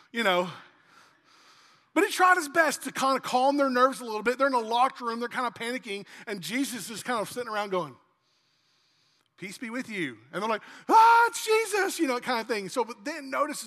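A man preaching a sermon as pastor, animated and acting out dialogue in lively asides, in a church hall. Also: high-pitched.

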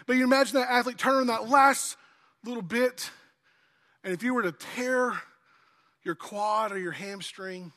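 A man's voice: high-pitched, a bit bright, in a large hall. A man, a pastor preaching a sermon in a conversational, folksy way with humor.

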